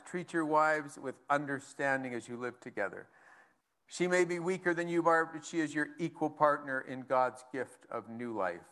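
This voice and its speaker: A male pastor delivers a relaxed, conversational sermon. His voice sits a little higher than most men's, and he moves easily between reading scripture aloud and chatting with the congregation.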